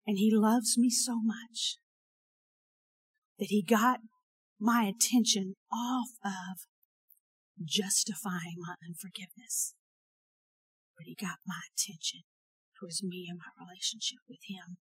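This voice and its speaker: A woman preaching a sermon and telling a personal story, earnest and swinging between emphatic and hushed delivery. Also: medium pitch, fairly even intonation, a little slow, long pauses, husky, dry recording, poor audio.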